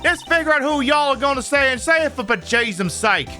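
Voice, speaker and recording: A woman voicing a brash Southern country woman photographer with a loud, scolding drawl. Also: high voice, expressive, fairly quick, faint music behind, pitched above the performer's own voice. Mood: mocking. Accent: American Southern. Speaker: streamer voicing game characters.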